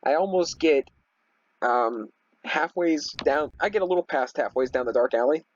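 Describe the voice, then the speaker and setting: A man's voice: fairly high pitch, moderate pace, lo-fi sound. A young man rambling casually through a story while playing a game, with lots of fillers and restarts. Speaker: gaming video host. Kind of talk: casual storytelling over gameplay.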